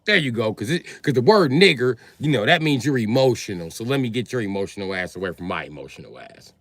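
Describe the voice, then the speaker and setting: Profane, yelling livestream host, man. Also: mid-range voice, sing-song, quick pace, dry recording. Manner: profane, combative, swings between yelling and muttering. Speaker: livestream host moderating chat. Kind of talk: heated livestream rant at chat.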